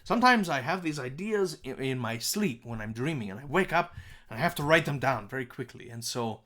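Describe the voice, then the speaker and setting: A man's voice: medium pitch, animated, brisk, bright, forceful tone. A man teaching a recorded music composition lesson, talking in a friendly, chatty way with fillers.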